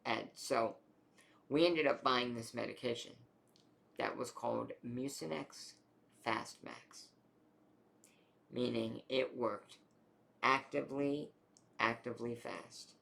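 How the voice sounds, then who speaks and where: A young adult man casually telling a long personal health story, rambling and animated, with many fillers. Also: mid-range voice, slow, creaky, pauses often.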